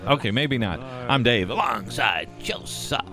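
A man hosts a casual radio chat from a studio microphone, joking and ribbing the people beside him. His voice sits at a middle pitch but moves up and down freely. Music plays under his talk. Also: animated. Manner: jokey, teasing, quick to laugh. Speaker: radio show host.

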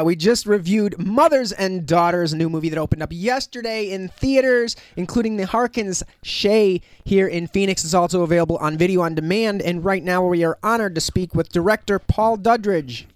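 A man's voice: high voice, moderate pace, few pauses, no room sound. A man co-hosting a film review radio show, joking and stumbling over his words. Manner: stumbling restarts, jokey. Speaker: radio movie review host. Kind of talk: casual radio banter. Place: radio studio.

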